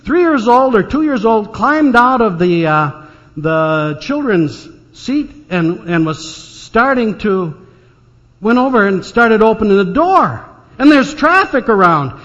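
An older male pastor with a high-pitched, somewhat bright voice delivers a folksy, anecdotal storytelling sermon full of dry jokes. The sound is dull and echoes through a reverberant church hall.

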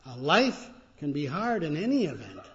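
A man with a fairly high voice preaches a sermon as a pastor. He talks in an unhurried, reflective way, pausing often and using fillers, on a dull, lo-fi recording. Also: sing-song, fairly bright tone.

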